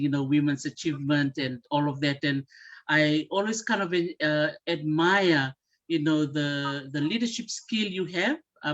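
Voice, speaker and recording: A woman interview host asking thoughtful, hesitant questions. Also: low-pitched. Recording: dull lo-fi sound.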